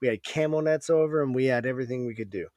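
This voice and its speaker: A man's voice: medium pitch, fast talker, darkish tone, no echo. A man in his thirties hosting a casual podcast, talking in a laid-back, wry, profane way. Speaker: podcast host, veteran. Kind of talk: casual conversation.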